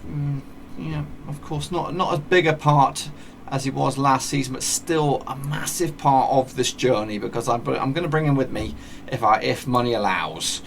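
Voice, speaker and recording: Gravelly man rambling over a game. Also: mid-range voice, normal speed, a little hiss or hum. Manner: rambling, self-correcting chatter with mock match commentary. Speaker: gaming YouTuber. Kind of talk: casual game commentary.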